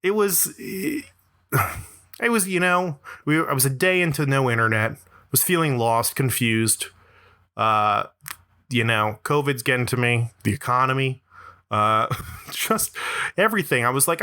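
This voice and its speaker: A young man hosts a comedy podcast, spinning a long, self-deprecating story. His voice is bright and forward, and he talks in rambling bursts full of restarts and asides. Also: fairly high pitch, lively intonation, normal speed. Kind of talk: storytelling monologue.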